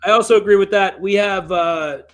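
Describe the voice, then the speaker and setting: A man's voice: sits high, normal speed, fairly bright tone, faint music behind. A man hosting a casual sports podcast, swearing freely and reading viewer comments aloud. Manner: profane, reads chat comments aloud. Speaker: podcast host.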